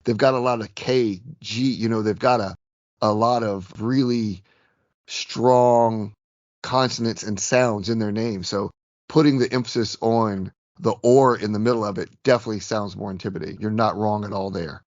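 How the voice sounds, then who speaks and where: A chatty man co-hosting a gaming podcast, with a low voice gone a little hoarse. He rambles good-naturedly and pokes fun at himself. The sound is dull and dry, like a home setup. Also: fairly even intonation, normal speed, no room sound. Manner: chatty, self-deprecating, rambling. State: slightly hoarse from illness. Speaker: podcast co-host. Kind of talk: casual chat about tabletop gaming.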